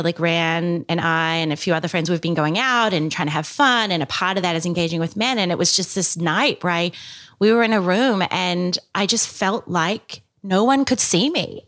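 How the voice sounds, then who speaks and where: A woman's voice: fairly low pitch, normal speed, a bit bright. Candid woman podcast guest. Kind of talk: casual podcast chat.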